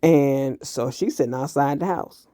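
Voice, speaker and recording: A man recapping a TV series episode in casual, animated commentary, blunt and full of profanity. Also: medium pitch, a little slow, dry recording, studio quality. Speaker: TV show reviewer.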